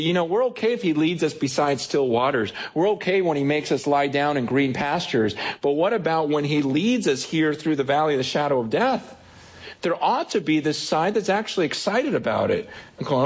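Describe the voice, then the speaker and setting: A man preaching a sermon in a lively, conversational way, often acting out little inner voices. His voice is slightly high and a touch husky. He speaks from a church stage to the people in front of him. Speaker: pastor.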